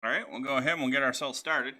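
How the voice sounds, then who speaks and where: A man's voice: medium pitch, racing, bright, forceful tone. A man hosting a let's-play video, talking casually and rambling with lots of fillers and restarts as he sets up a game. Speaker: gaming channel host.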